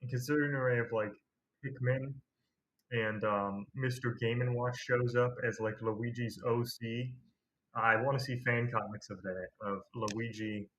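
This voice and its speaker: A man's voice: mid-range voice, steady tone, normal speed, a bit bright, slight background noise. A man hosting a casual movie review video, rambling and slangy with a sarcastic streak. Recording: dull lo-fi recording.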